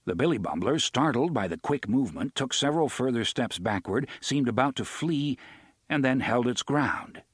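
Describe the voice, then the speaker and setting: A man narrating an audiobook in a steady, measured reading. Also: medium pitch, breathy edge, dry recording, studio quality.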